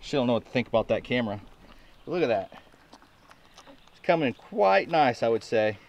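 A man hosting a casual farm vlog outdoors, chatting folksily to the camera and talking to his goats in an excited sing-song. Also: mid-range voice, a little fast, creaky. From Nebraska, USA. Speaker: homestead vlogger.

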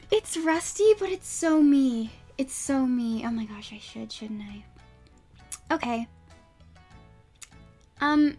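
A woman's voice: high voice, expressive, slow pace, pauses often, faint music behind. A young woman streamer chatting casually and rambling, with frequent giggles and fillers. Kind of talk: casual live-stream chat.

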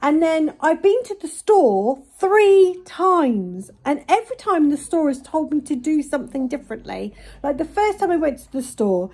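A woman vlogger venting casually to camera, retelling a frustrating complaint in an exasperated, animated way. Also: sits high, moderate pace, hardly any pauses.

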